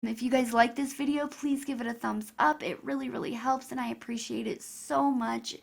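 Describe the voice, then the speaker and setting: A woman's voice: a little high, fairly even intonation, normal speed, creaky. A woman vlogger talking emotionally and chattily to her viewers. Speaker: YouTuber. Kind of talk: casual vlog commentary.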